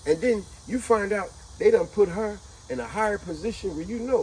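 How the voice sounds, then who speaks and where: A man hosting a casual chat, telling a story in an animated, conversational way. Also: high-pitched, brisk, hardly any pauses, slight background noise, rough recording. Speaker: host.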